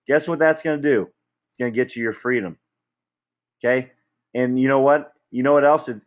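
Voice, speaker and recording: A man giving a motivational business training talk, energetic and checking in with "okay?" and "right?" after nearly every point. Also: medium pitch, dull audio.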